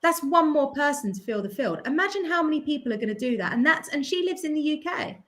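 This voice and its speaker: Lively British woman making her case. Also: sits high. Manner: animated, persuasive, fast bursts. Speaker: guest, professional pool player. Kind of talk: casual podcast chat.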